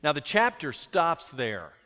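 A man preaching a sermon in a reflective way. He asks rhetorical questions and drops softer on key lines. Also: fairly high pitch, huge pitch swings, takes it slowly. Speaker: pastor. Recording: long hall reverb.

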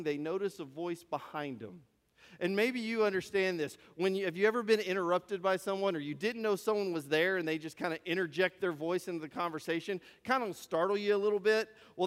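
High-voiced preacher in a reverberant hall. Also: male voice. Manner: storytelling, rhetorical questions, repeats phrases. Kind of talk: sermon.

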